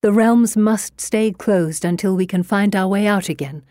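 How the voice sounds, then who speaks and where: A woman's voice: medium pitch, moderate pace, dark tone, no room sound, studio quality, lightly acted. Eugenia, a woman doing a commanding elder sorceress. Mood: urgent. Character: commanding older woman of magic, brave and stern.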